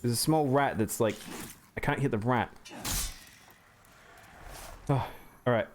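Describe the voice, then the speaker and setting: A man's voice: medium pitch, measured pace, slight background noise. Male streamer, mid-range voice, talks through his game and greets chat. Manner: chatty, reacts to chat and thanks viewers. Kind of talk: live gameplay commentary.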